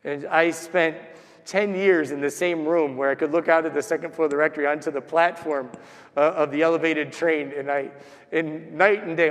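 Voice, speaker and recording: A man preaching a sermon as a priest, telling stories and acting out the voices he quotes. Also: fairly high pitch. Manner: storytelling, acts out the voices he quotes. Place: large church. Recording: long church reverb.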